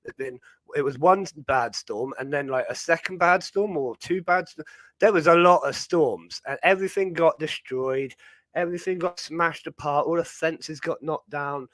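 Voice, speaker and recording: Chatty British man, bright voice, dry. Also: fairly high pitch, normal speed, no echo. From Britain. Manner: rambling, chatty, many fillers. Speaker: livestream host. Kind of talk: casual chat.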